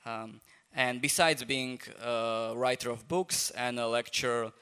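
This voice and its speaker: A man's voice: mid-range voice, a little slow, pushed and bright, clean tone. Hesitant man hosting a live talk. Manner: hesitant, many fillers. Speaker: host, journal editor. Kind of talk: live public talk introduction. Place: festival event space.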